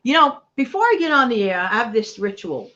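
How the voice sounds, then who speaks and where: Middle-aged New York woman, livestream host, upbeat motivational chatter, higher voice, lo-fi mic. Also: sing-song, a little fast, bright, forceful tone. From New York City. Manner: chatty, motivational, talks straight to viewers. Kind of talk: casual live chat.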